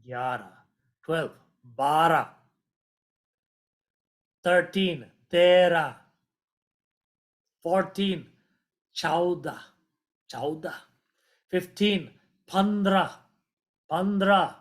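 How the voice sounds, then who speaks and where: A man's voice: high-pitched, extremely slow, pauses often. A man teaching vocabulary in a casual lesson, repeating each word and spelling it out letter by letter, patient and encouraging. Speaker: language teacher.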